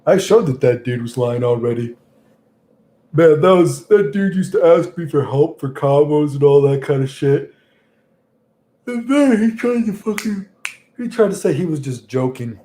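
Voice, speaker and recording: A man's voice: fairly high pitch, moderate pace, dark tone. A young man streaming live, chatting casually and rambling through stories with lots of swearing. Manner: rambling, casual, swears often, many fillers.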